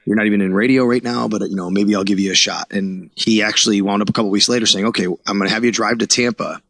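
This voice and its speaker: Fast, bright-voiced man telling a story. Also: fairly low pitch, creaky, no echo. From Buffalo, New York. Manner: animated, acts out quoted dialogue. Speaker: podcast guest, sports reporter. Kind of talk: casual storytelling interview.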